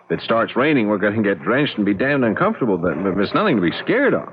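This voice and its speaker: A young husband lost in the woods in a radio horror play, stammering as he tries to reassure his wife, his voice swinging widely in pitch. The sound is dull, with light hiss behind. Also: big pitch swings, quick pace. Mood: flustered. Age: young adult. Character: young husband, cocky then flustered. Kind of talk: radio drama acting. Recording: dull lo-fi radio recording with some noise.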